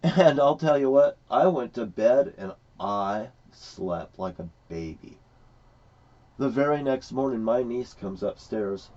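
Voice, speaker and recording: A man's voice: mid-range voice, expressive, slow, darkish tone. A man ranting in a rambling, profane, angry way about his experiences. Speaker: vlogger. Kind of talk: rambling personal rant. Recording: dull lo-fi recording.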